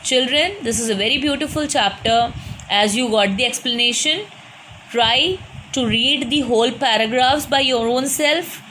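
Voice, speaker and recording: A woman's voice: fairly high pitch, normal speed, sharp tone, slight background noise, rough recording. A woman teacher with an Indian English accent reads a story lesson aloud and patiently explains each hard word. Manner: patient, repeats and explains words.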